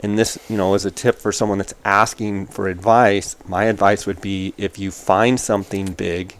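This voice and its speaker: Emphatic low-voiced man giving hunting advice. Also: level tone, moderate pace. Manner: emphatic, repeats advice in short punchy phrases; acts out quoted exchanges with a raised voice. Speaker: hunting podcast host. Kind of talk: casual chat.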